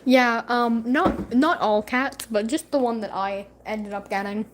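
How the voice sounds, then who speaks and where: Casual woman vlogger, talks to camera at home, swears and teases her cat, a touch high. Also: unhurried, a little hiss or hum. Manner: profane, teasing talk to her cat.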